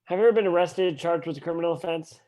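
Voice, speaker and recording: Male reader for several parts: slightly high voice, brisk, lively, home video-call mic. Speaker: actor reading several parts. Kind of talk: casual amateur script reading. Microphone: home computer mic on video call.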